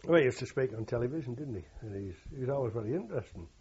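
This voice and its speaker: A man's voice: mid-range voice, animated, very fast, darkish tone, husky. An older man, a war veteran telling rambling oral history anecdotes and quoting others with "he says". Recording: dull lo-fi recording.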